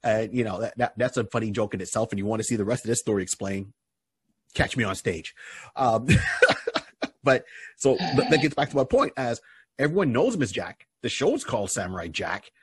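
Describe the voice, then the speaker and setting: A man from Barbados chats on a podcast and tells long stories, stumbling and restarting as he goes. His voice is husky and swings widely in pitch. The sound is dry and close. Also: normal speed, dry recording. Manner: animated storyteller, many restarts. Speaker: podcast co-host and comedian. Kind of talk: casual podcast chat.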